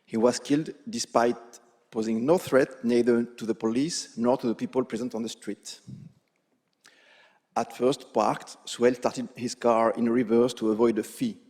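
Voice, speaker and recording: Man, grieving father, measured prepared statement, mid voice, hall reverb. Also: medium pitch, steady tone, a little mellow. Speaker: bereaved father giving testimony. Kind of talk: prepared statement read aloud. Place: large hall at a public tribunal.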